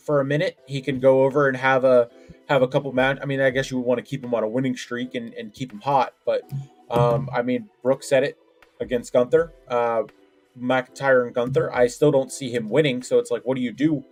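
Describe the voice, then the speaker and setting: A man's voice: mid-range voice, little pitch movement, moderate pace, faint music behind. A man co-hosting a casual wrestling podcast, talking in a hesitant way with many fillers and restarts. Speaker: podcast co-host.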